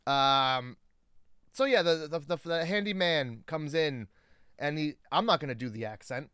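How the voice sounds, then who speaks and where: Smooth-voiced joking podcast guy. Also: a little high, bright, forceful tone, no echo, studio quality. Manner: profane, joking, quick to mock. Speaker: podcast co-host. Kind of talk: casual movie chat.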